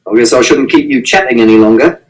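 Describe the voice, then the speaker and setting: A man voicing a wry, patient middle-aged male policeman in a novel reading, speaking slowly and drily. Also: mid-range voice, pitched below the performer's own voice, close to an everyday voice. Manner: dry, slow, mildly exasperated. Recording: distant mic.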